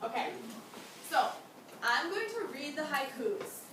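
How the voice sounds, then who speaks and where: A woman's voice: high-pitched, very animated, measured pace. A young woman teaching a class, who encourages her students and asks them many questions. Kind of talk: classroom lesson. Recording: echoey room from far off, background noise.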